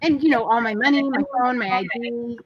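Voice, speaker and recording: A woman in her forties co-hosting a casual live chat, telling a family story with lively play-acting of the people in it. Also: fairly high pitch, brisk, highs cut off, crowd noise. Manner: animated storytelling, acts out quoted people. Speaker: co-host.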